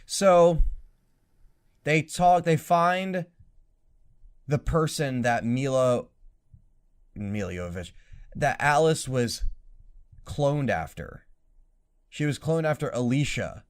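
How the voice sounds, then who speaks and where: A young man co-hosting a casual podcast, talking in an animated, profane way and mocking lines as he retells scenes. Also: mid-range voice, takes it slowly, pauses often, smooth. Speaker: podcast co-host.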